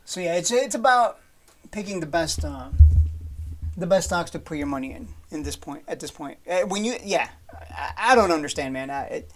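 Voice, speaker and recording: A man's voice: on the high side, expressive, normal speed, fairly bright tone, a little hiss or hum. A man giving casual stock market commentary over charts, blunt and profane, rambling with frequent restarts. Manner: blunt, swears freely, dismissive of panic; loose and rambling with many restarts and fillers.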